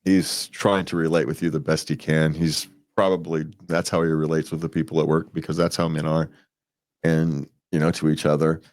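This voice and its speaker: His voice is very deep and darkish, delivered flatly at a moderate pace. Co-hosting a show about relationship advice, he rambles casually, keeps restarting and repeating himself, and laughs softly a lot.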